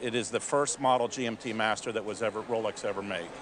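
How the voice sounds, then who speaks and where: A man's voice: lowish voice, fairly even intonation, quick pace, a crowd in the background. A male appraiser on a TV appraisal show, interviewing a guest and explaining an item. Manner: informative, interviewing.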